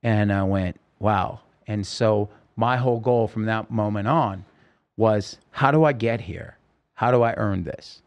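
A man's voice: on the low side, unhurried. A middle-aged man, a singer, telling a long personal story in an interview and acting out the lines of people in it. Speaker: podcast guest, singer.

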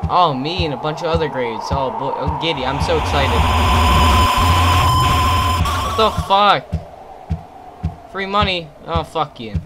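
A man's voice: a little high, measured pace, pauses often, very noisy. A man commentating while he plays a horror game, muttering, cursing and yelping at sudden scares. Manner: profane, startled reactions and mutterings. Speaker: game streamer. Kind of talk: let's play commentary. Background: loud game music.

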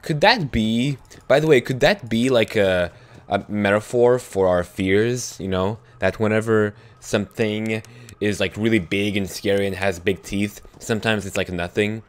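A young man giving let's play commentary on a horror game, swinging from hushed muttering to sudden yelps. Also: on the low side, normal speed. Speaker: gaming YouTuber.

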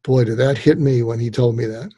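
A man's voice: medium pitch, brisk, husky. An older man, a psychiatrist guest on a podcast interview, telling stories and acting out the voices of people he quotes. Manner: animated storyteller, acts out quoted voices.

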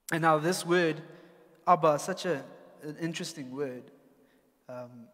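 South African male pastor, candid sermon voice, slightly high, echoing church hall. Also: steady tone, normal speed, a bit bright. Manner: earnest, personal, candid.

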